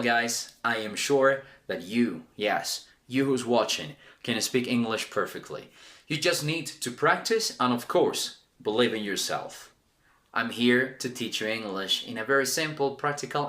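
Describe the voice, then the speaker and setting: Lively, bright-voiced male English teacher. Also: fairly low pitch. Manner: upbeat, encouraging, talks straight to viewers; stretches and repeats sounds to demonstrate them. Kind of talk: online pronunciation lesson.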